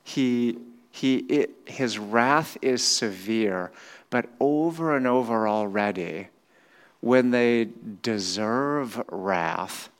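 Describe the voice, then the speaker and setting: A middle-aged man preaching a sermon in a church. He swings between loud, animated retellings and quiet, slow reflection. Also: medium pitch. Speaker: pastor. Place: church hall with a screen.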